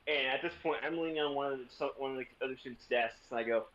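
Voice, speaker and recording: A man's voice: mid-range voice, fast talker, few pauses, fairly bright tone, highs cut off. A young man, a streamer, casually telling a rambling story and swearing freely.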